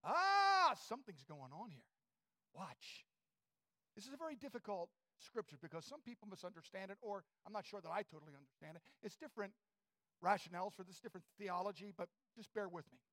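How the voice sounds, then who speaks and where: A male preacher giving a fervent sermon in a church, swinging from shouts to near whispers. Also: high voice, lively intonation, quick pace.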